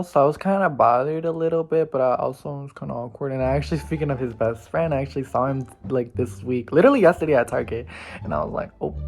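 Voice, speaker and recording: A young man casually telling a gossipy storytime in an animated, slangy way. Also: medium pitch. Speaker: vlogger.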